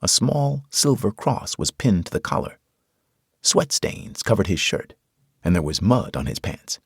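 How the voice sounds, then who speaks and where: A man's voice: fairly low pitch, big pitch swings, unhurried, vocal fry, husky, no room sound, clean studio sound. A man narrating a horror audiobook in the first person, with dramatic storytelling.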